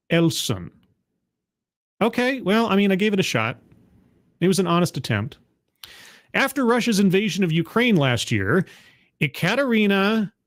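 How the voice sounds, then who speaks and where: A man's voice: high-pitched, no echo, studio quality. A man hosting a stream, reading a news article aloud and commenting on it in a sardonic, rambling way, stumbling over names and restarting words. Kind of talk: casual commentary on a livestream.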